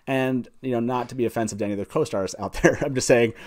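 A man hosting a casual panel discussion, agreeable and quick to hand the floor to his guests. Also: medium pitch. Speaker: podcast host.

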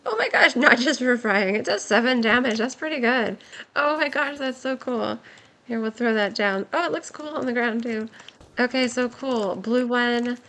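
A young woman giving excited, giggly commentary while playing a game, her voice worn from a long stream. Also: fairly high pitch, normal speed. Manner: gushing, giggly, exclaims often. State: voice nearly gone, worn.

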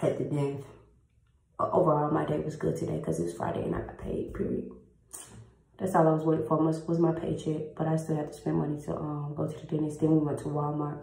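A woman's voice: deep voice, brisk, creaky, mellow. A young woman chatting in a casual vlog, slangy and blunt with plenty of swearing, her jaw numb after a tooth was pulled. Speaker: vlogger. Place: at home, indoors. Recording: echoey room with faint noise.

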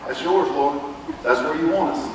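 A man's voice: a little high, moderate pace, a little hiss or hum. A man, preaching as a pastor, telling a personal testimony in a folksy storytelling way. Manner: folksy storytelling, quotes others in lively bursts. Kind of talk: sermon testimony. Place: church sanctuary. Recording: echoey church hall, distant mic.

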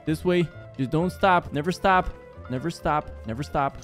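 A man's voice: a little high, moderate pace. A young man in gaming commentary, talking to viewers and getting panicky as he runs through a maze. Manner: jumpy, panicky, talks to viewers as guys. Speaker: gaming YouTuber. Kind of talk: horror game commentary. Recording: game music behind.

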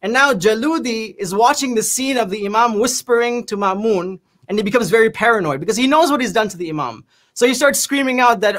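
A man on a religious panel show, retelling a historical story in a lively, vivid way. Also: very high voice, fast.

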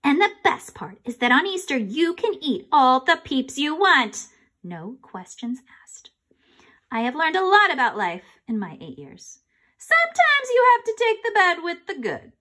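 A woman reading a children's chapter book aloud in an expressive, animated way. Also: sits high, measured pace. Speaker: reader.

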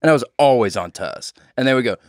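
A man's voice: mid-range voice, animated, fast talker, dry recording, clean studio sound. A man, a comedian guest, chatting casually on a podcast in a rambling, laid-back way and laughing often.

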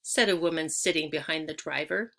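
A woman's voice: low-pitched, brisk, vocal fry, a bit bright. A woman reading a children's chapter book aloud, telling it expressively and lingering on key words. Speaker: audiobook reader.

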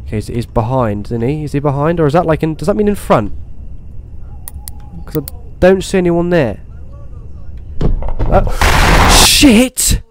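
A young gaming YouTuber plays a horror game for a let's play, talking to himself and swearing, swinging between muttering and sudden excited outbursts. His voice is a little high and a little slow, with long pauses and a slight hiss or hum.

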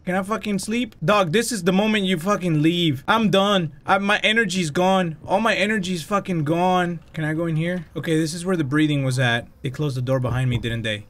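A young man with a Mexican accent giving loud, cursing horror gameplay commentary, easily spooked and given to sudden yelps. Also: fairly high pitch, moderate pace, slight background noise. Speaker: gaming YouTuber.

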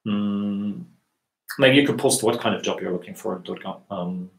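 A man with a northern Norwegian accent, answering viewers' questions in a live language lesson, relaxed and hesitant with many fillers. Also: fairly low pitch, normal speed, vocal fry, echoey room, faint music behind, low-quality recording.

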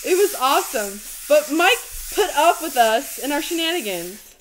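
A young woman hosting a live stream while baking, giggly and chatty, her voice hoarse and nearly gone. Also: sits high, very animated, normal speed, slight background noise. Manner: giggly, bubbly, sings snippets to herself.

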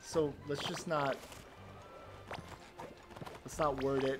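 A male streamer commentating live on his gameplay, excitable and laughing, yelping at the game and talking to his chat. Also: medium pitch, takes it slowly. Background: game music.

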